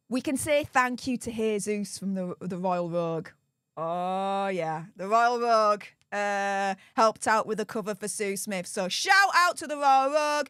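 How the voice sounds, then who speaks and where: A woman's voice: a little high, fairly bright tone, clean tone, dry recording, clean studio sound. A young woman with a Yorkshire accent, chatting upbeat on a live stream and thanking supporters by name. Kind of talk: casual live-stream chat.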